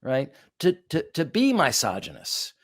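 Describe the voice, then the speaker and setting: A man hosting a podcast, speaking with animated, indignant sarcasm. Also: mid-range voice, unhurried. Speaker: podcast host, psychologist. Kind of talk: commentary chat.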